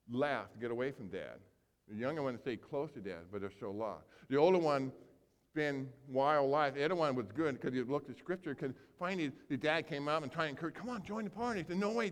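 A man preaching a sermon as pastor, telling a story with animated acting-out of characters and big swings between loud and soft. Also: mid-range voice. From grew up on a small farm. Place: church sanctuary. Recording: long hall reverb.

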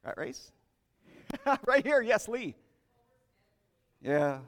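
A man's voice: very high-pitched, sing-song, very slow, fairly bright tone. A man preaching a sermon in a conversational way, inviting the congregation to share their thoughts. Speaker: pastor. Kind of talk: interactive sermon. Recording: long hall reverb.

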